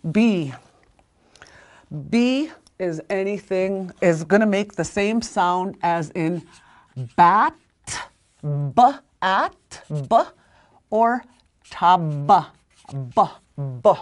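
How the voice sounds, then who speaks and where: Slow, patient woman teaching pronunciation. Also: on the low side. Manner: slow, patient, repeats sounds aloud, apologizes for slips. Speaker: language teacher. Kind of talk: spoken language lesson.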